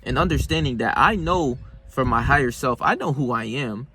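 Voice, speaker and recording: A young man telling a gym story as a motivational vlog. He talks in loose slang, swears often and keeps dropping in fillers. His voice sits at an ordinary male pitch. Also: expressive, normal speed, pushed and bright, a little hiss or hum. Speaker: self-improvement vlogger. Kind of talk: casual motivational monologue.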